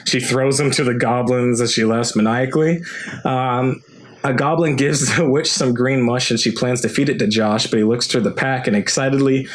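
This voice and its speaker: A young man co-hosting a podcast, casually recapping a movie in a rambling way, laughing often and swearing. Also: mid-range voice. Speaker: podcast co-host.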